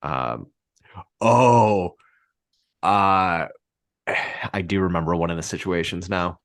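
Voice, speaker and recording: Male guest, very low voice, casual and halting, lots of fillers. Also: fairly bright tone, dry recording, studio quality. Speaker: guest, assistant football coach. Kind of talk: casual chat.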